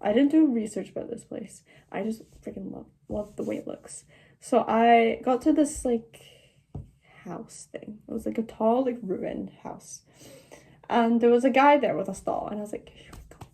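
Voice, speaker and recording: A woman's voice: fairly high pitch, a little slow, vocal fry, warm tone. A seventeen-year-old girl chatting through a travel storytime vlog, laughing often and filling her talk with "like". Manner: chatty, laughing, many "like" fillers. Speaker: travel vlogger.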